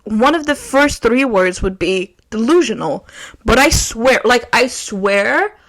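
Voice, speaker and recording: A young woman, hosting her own podcast and telling a story in casual chat, swinging from loud outbursts to hushed asides. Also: on the high side, expressive, slow pace. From Quebec, Canada. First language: French. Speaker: podcast host.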